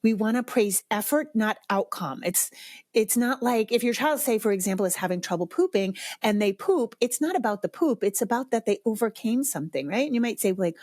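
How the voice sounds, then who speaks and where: A woman's voice: lively intonation, moderate pace, a little mellow, no room sound, studio quality. A middle-aged woman hosting a solo parenting podcast, talking conversationally and emphatically. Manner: conversational, emphatic, acts out quoted parents in a high sing-song voice. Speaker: podcast host, potty training expert. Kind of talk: solo podcast advice talk.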